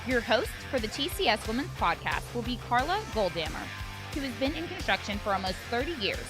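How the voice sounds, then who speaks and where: A woman reading the scripted show introduction in an even, announcer-style delivery. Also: a little high, fairly quick. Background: music bed.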